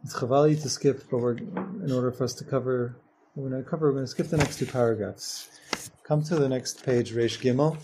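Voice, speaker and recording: Gravelly-voiced man teaching a Torah class. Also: medium pitch, background noise. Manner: reads Hebrew text fast then explains, rising to emphatic. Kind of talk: Jewish text class.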